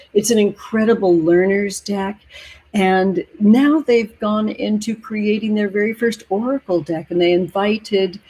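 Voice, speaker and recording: A woman hosting a tarot livestream, chatting warmly with viewers from home, gentle and emotional, calling everyone honey and sweetheart. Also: on the low side, breathy edge, low-quality recording. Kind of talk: casual livestream chat with viewers. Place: home near the ocean.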